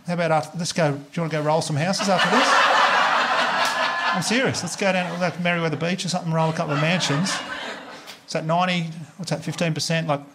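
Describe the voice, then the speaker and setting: An Australian man performing a stand-up comedy routine on stage, telling a story in a rapid, animated way with swearing. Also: a little high, heavy background noise. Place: live venue with audience. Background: audience laughter.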